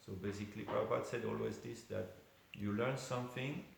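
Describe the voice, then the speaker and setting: A man with a low, gravelly voice gives an informal temple class, telling a story with many asides. His voice rings in a very reverberant hall, and a faint hiss sits under the recording. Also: steady tone, brisk. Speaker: devotee giving a class. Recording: very echoey room with faint hiss.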